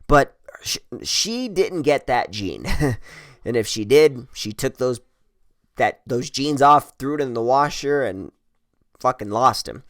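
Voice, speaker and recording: A man's voice: mid-range voice, animated, slow, fairly bright tone, no echo. A man telling a personal story in a casual, rambling way, swearing a lot and joking crudely. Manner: profane, rambling, crude humor.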